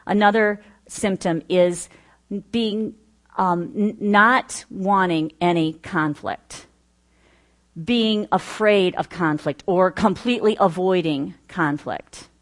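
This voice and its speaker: Middle-aged female teacher, low-ish voice, earnest and conversational, works through a list. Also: slow pace. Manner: earnest, listing points with personal asides. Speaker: Bible study teacher. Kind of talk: teaching talk.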